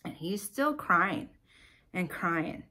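A woman podcast host telling a personal story in a chatty, animated way, with sighs and filler words. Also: fairly low pitch, takes it slowly.

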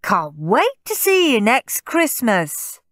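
A woman voicing a cheeky, mischievous young boy who is loud, boastful and gleeful. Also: on the high side, wildly swooping pitch, takes it slowly, no room sound, studio quality, pitched above the performer's own voice, heavily acted.

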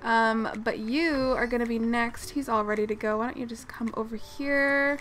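High-voiced excitable woman gaming host. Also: a little hiss or hum. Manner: chatty and excitable, quick gasps and exclamations. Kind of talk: casual gameplay commentary.

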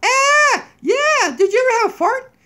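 A squeaky donkey puppet in a very high, piping voice, silly and fart-obsessed, giggling and jumpy. It sounds like a goofy homemade puppet skit recorded on a tablet in a kitchen. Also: male voice, lively intonation, normal speed, sharp tone, exaggerated voice. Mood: giggly. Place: downstairs home kitchen. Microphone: tablet camera mic.

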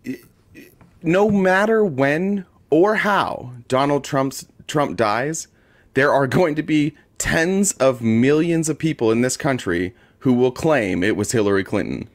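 A man's voice: medium pitch, expressive, measured pace. A man co-hosting a casual political talk show, sarcastic and swearing freely as he mocks what he watches. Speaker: co-host.

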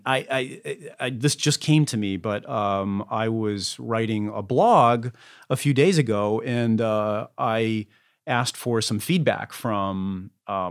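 A man speaking as a podcast guest, wordy and halting, with frequent fillers and restarts. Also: fairly low pitch. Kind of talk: conversational interview.

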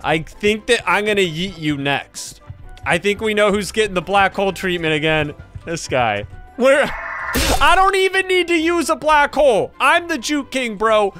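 A young man giving excited gameplay commentary, trash-talking other players and laughing often. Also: high voice, moderate pace, faint music behind. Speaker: gaming YouTuber.

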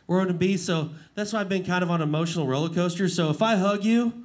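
A man's voice: high voice, fast talker. A man in his forties, a rodeo clown guest on a live talk show, telling rambling stories and laughing often. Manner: emotional, laughing, rambling storyteller. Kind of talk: casual talk-show storytelling. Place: live show before an audience.

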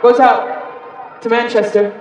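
A woman's voice: a little high, flat delivery, slow pace, heavy background noise. American woman bantering with a concert crowd. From United States. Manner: playful, shouting out to the crowd. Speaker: singer on stage. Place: large live concert venue. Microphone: stage mic through the PA. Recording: echoey live concert audio from far off. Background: loud cheering crowd.

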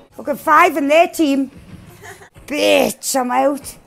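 A woman giving loud, excited gameplay commentary, swearing and shouting at opponents as she plays. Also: sits high, slow, creaky. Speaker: gaming streamer.

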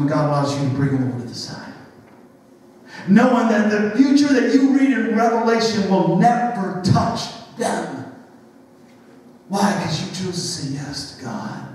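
Animated preacher in an echoey hall. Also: male voice, high-pitched. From western New York. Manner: animated storytelling, acting out voices. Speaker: youth pastor. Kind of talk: sermon. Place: church sanctuary. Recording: echoey church hall from far off, faint noise.

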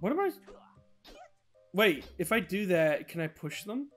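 A man playing a video game and chatting casually, excitable, swearing and shouting when he wins. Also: high voice, measured pace, long pauses, soft background music. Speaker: gamer playing on a channel. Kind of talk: casual gaming chat.

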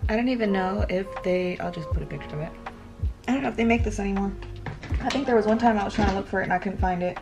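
A woman's voice: mid-range voice, fast, over music. A woman with a Southern American accent, chatting casually and swearing freely while she gets ready at home. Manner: chatty, swearing, rambling with fillers. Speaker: vlogger. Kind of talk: casual chat.

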